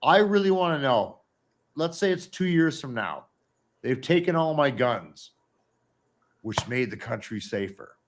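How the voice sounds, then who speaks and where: A man's voice: medium pitch, animated, a little slow, pauses often. A man hosting a livestream, talking bluntly and profanely to viewers. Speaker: podcast host. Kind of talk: heated casual chat.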